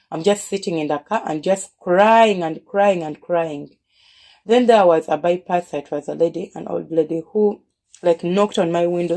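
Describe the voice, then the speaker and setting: A woman's voice: fairly low pitch, mellow. A woman telling a personal story in an earnest way, often repeating words and restarting her phrases.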